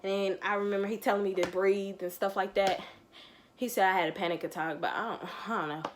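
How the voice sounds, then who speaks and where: A woman's voice: mid-range voice, fairly even intonation, quick pace, slight background noise. A nineteen-year-old woman, telling a story on her vlog and acting out the quotes. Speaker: vlogger.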